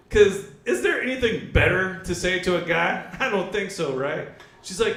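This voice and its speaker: A man's voice: high-pitched, normal speed, echoey room. A man doing a crude stand-up comedy set at a brewery, telling stories and acting out both sides of the dialogue. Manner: crude, animated storytelling with acted-out dialogue. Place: brewery comedy stage with a live audience.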